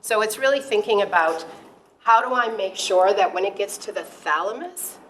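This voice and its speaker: A middle-aged woman, a high school teacher, explaining brain science to parents in an animated way, with many fillers. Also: moderate pace, a little hiss or hum, poor audio. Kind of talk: presenting at a parent talk.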